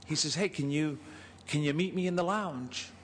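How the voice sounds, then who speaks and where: A man's voice: a little high, moderate pace, fairly bright tone, a little hiss or hum. A man, a state senator, giving an anecdotal tribute speech on the floor and acting out the dialogue of his stories with chuckles. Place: legislative chamber. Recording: chamber with long reverb, faint ambience.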